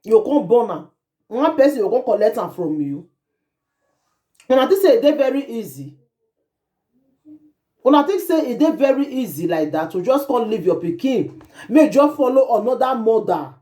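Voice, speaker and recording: A woman's voice: a little high, sing-song, a little fast, warm tone. A woman host with a Nigerian accent, giving emphatic commentary in Pidgin and English and repeating phrases as she laments. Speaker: online show host.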